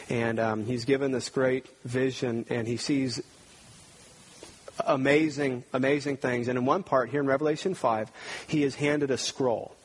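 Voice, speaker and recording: A man's voice: medium pitch, slight background noise, rough recording. A man preaching a sermon as pastor, talking conversationally with frequent restarts and building to emphatic readings of scripture.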